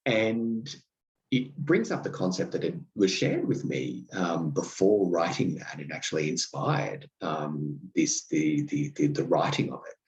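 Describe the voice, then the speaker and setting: A man hosting a podcast, telling wry, self-deprecating stories in a halting way with many ums and restarts. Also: low voice, animated, muffled recording. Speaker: podcast host. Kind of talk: reflective podcast monologue.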